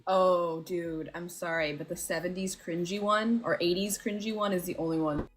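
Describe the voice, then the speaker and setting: A woman chatting on a livestream, animated and nerdy, swearing as she rants. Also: fairly low pitch, moderate pace. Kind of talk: casual livestream chat.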